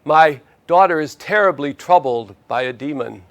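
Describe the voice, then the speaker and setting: Pleading mother, humble, gravelly, man voicing her. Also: fairly high pitch, lively intonation, normal speed, a bit bright. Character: pleading mother, a desperate woman.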